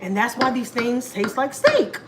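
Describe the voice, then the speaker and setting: A woman's voice: a little high, wildly swooping pitch, measured pace, a little hiss or hum, rough recording. Chatty woman cooking at home. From Houston, Texas. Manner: chatty, talks straight to viewers, lots of "like" and "y'all". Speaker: family vlogger. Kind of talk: casual cooking vlog. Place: home kitchen.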